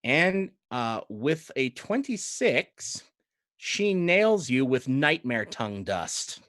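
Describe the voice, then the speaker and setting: Man narrating a tabletop game, relaxed and rambling, uh and um throughout, dry sound. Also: mid-range voice, takes it slowly, no echo. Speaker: game master.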